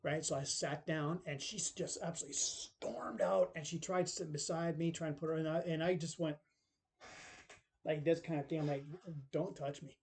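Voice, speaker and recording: A middle-aged man recounts a personal story in loose, rambling talk. His voice sits a little high for a man yet sounds mellow and relaxed. He keeps tossing in tag questions and acting out what others said. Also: normal speed, gravelly. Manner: rambling, full of tag questions and acted-out quotes. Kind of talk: casual spoken storytelling.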